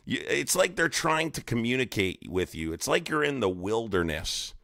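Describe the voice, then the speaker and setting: A man's voice: mid-range voice, very animated, normal speed, vocal fry, hardly any pauses, sharp tone, dry recording, clean studio sound. A man hosting a livestream, ranting in a profane, mocking, rambling way. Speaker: live streamer host. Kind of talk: casual ranting livestream commentary.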